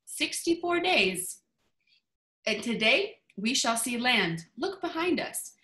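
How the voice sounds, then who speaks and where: A woman reading aloud and voicing a bold, excited male explorer in a booming, theatrical way. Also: slow pace, heavily acted. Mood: visionary. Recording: roomy echo on a video call.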